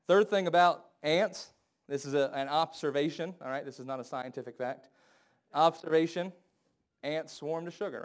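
A married man preaching a sermon, acting out the people he quotes with big jumps in loudness and pitch. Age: adult, married. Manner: animated, acts out quoted voices with big swings in pitch and volume.

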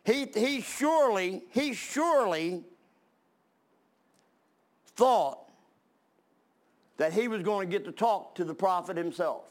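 High-voiced preacher reading scripture. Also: male voice, expressive, slow pace, long pauses. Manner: reads scripture aloud, then retells it plainly with fillers and restarts.

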